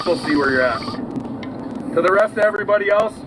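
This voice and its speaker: A man's voice: sits high, animated, fast, noisy background. A man in a played video clip, talking in a defiant, taunting way.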